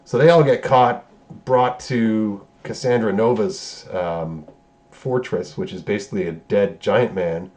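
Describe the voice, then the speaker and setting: A man's voice: on the low side, unhurried, a little mellow. A man reviewing a movie, casually recapping scenes in a loose, profane way and correcting himself as he goes. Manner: loose, profane, rambling retelling with self-corrections.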